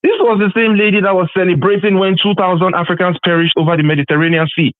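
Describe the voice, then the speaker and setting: A man calling in to a talk show, arguing politics forcefully and repetitively. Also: high voice, fairly even intonation, quick pace, dry recording. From Nigeria. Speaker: caller. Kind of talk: impassioned political call-in. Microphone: phone. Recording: tinny dry phone line.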